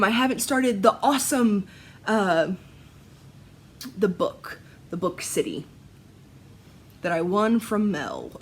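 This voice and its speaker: A woman talking casually in a home vlog, excitable and rambling, often laughing between thoughts. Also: mid-range voice, husky. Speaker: Flosstube vlogger. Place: at home, seated in a chair.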